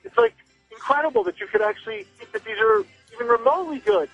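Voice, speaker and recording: A man's voice: very high-pitched, sing-song, quick pace, gravelly, soft background music. A man calling into a radio show, bluntly scornful and swearing. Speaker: caller. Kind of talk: phoned-in rant. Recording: tinny phone line.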